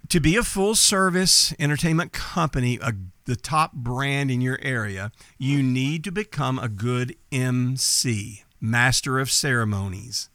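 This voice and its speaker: A middle-aged man with a light Texas accent, talking like a confident coach. His voice sits at an average pitch and jumps up when he stresses a point. The sound is close and dry. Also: a bit bright, no echo. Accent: light Texas accent, mostly neutral. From East Texas. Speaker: entertainment business coach, podcast host. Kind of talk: instructional podcast talk.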